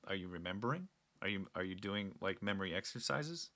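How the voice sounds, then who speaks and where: Guy rambling earnestly on his own show, kinda low voice but bright and sharp. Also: expressive, fairly quick. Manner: rambling, earnest, many restarts. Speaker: podcast host. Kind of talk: casual solo talk.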